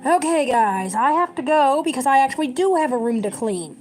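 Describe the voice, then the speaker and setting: Thirties woman, community educator type, fired-up preachy monologue, somewhat high voice. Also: expressive, a little fast, soft background music. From United States. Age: 30s. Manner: urgent, scolding, preachy. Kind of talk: impassioned political rant to camera.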